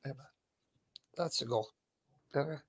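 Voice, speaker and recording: A man's voice: mid-range voice, unhurried, husky. A man preaching on a live stream, emphatic and repeating lines for stress, openly emotional. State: emotional, voice catching.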